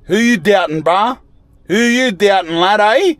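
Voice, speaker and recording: Excitable young man driving. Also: high-pitched, a little slow. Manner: excitable, joking, heavy slang banter. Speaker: travel vlogger. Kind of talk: casual self-filmed driving commentary. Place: inside a moving car. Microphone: phone camera. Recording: road and engine noise from a moving car.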